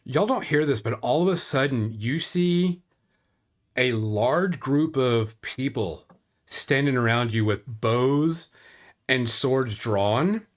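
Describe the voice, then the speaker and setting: Slow, casual male game master. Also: mid-range voice. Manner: casual, drawn-out storytelling. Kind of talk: narrating a tabletop game.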